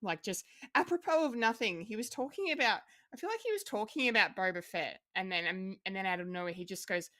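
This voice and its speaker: A woman's voice: mid-range voice, animated, fairly quick, few pauses, bright, forceful tone, dry recording, studio quality. A woman co-hosting a podcast, chatting casually with frequent ums and restarts. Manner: hesitant, many ums and restarts. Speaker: podcast co-host.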